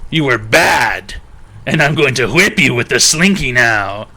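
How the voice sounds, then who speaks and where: A man's voice: mid-range voice, animated, unhurried, sharp tone, exaggerated voice. A man voicing an angry father who keeps berating his son in a repetitive, accusing rant. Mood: shouting.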